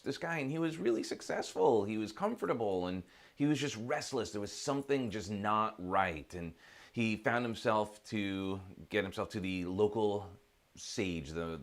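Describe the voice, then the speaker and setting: Motivational speaker guy telling a story, lowish voice, chatty and reflective. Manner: conversational, reflective.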